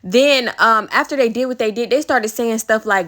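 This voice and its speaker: A young woman telling a personal story to the camera in a casual, candid, animated way, with frequent swearing. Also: on the high side, moderate pace, hardly any pauses. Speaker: storytime vlogger.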